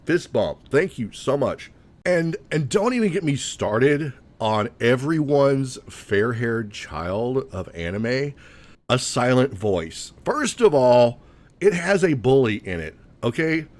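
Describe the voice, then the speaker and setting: A grown man hosting a podcast, ranting with animated exasperation. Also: medium pitch, slow. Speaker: podcast host. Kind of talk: casual rant.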